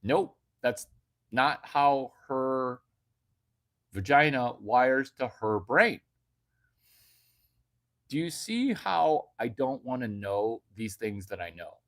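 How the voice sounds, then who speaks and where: A man doing a brash stand-up monologue, jumping from hushed asides to sudden loud outbursts. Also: mid-range voice, expressive, slow pace, pauses often. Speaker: comedian.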